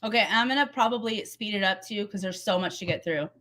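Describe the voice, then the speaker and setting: A woman's voice: medium pitch, fast talker, a bit bright. A woman hosting a reaction commentary video, heated and blunt, swearing freely as she talks back to a clip. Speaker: commentary YouTuber.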